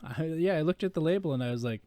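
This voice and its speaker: A man's voice: a little high, animated, fast, warm tone, no room sound. Dry-voiced joking podcast guy. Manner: joking, laughs often, rambling with fillers. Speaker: podcast co-host. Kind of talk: casual chat.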